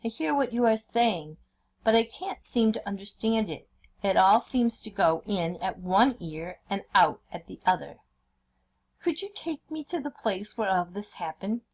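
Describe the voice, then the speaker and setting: A woman's voice: medium pitch, animated, measured pace. A woman reading a story aloud, voicing a sly male jackal who acts confused and fussy. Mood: feigned confusion. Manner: dithering, exaggeratedly puzzled.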